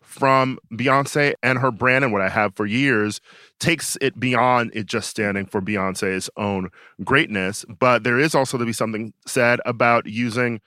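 A man's voice: medium pitch, steady tone, moderate pace, bright, forceful tone, no room sound, studio quality. A man co-hosting a podcast in casual chat, opinionated and talking in long runs with many fillers and restarts. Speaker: podcast co-host.

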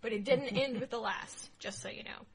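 A woman co-hosting a casual history podcast, telling the story playfully with jokes and loud asides. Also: fairly high pitch, normal speed, slightly rough, poor audio. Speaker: podcast co-host.

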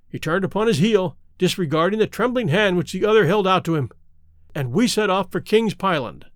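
A man reading a classic detective story aloud as first-person narrator, expressive and clearly enunciated, close to the mic. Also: high voice, a little fast, dry recording. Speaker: audiobook reader.

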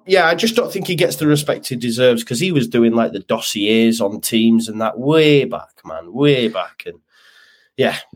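A man's voice: mid-range voice, animated, moderate pace. A man guesting on a football podcast, chatty and opinionated with lots of fillers. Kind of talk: casual football chat.

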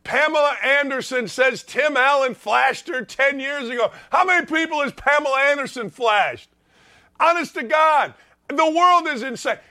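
High, bright ranting sports host. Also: male voice, moderate pace. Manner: emphatic, ranting, repeats himself, swings into shouts. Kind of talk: fired-up sports talk monologue.

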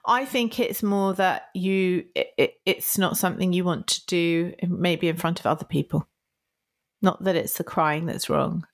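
A woman's voice: on the low side, unhurried. A woman co-hosting a casual podcast chat, laughing often and stammering through playful apologies. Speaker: podcast co-host.

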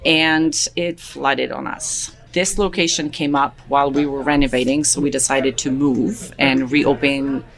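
A woman who owns a restaurant, a guest on a radio show, telling her story in a relaxed way with many pauses. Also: a bass voice. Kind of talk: casual interview.

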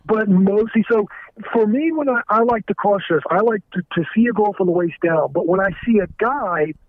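A man calling in to a show, talking candidly and haltingly, often stammering and restarting his sentences. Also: sits high, dry recording. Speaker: caller. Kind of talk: candid confessional phone call. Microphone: telephone. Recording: tinny dry phone line.

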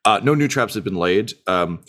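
A man's voice: fairly low pitch, expressive, normal speed, fairly bright tone. A man narrating a tabletop game as game master, loose and rambling with lots of fillers.

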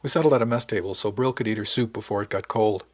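A man giving steady first-person scripted narration of an audiobook. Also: on the low side, fast talker.

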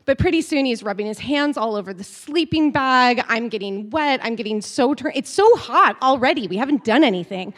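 A woman's voice: fairly high pitch, expressive, brisk, hardly any pauses, a bit bright. A woman telling a frank personal story in a chatty, giggly way with lots of fillers.

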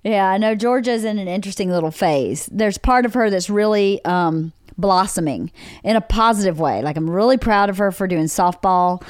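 A woman's voice: medium pitch, normal speed, dry recording, clean studio sound. A middle-aged woman hosting a casual chat, reflecting on her family and laughing easily. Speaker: podcast host, wife. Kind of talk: casual conversation.

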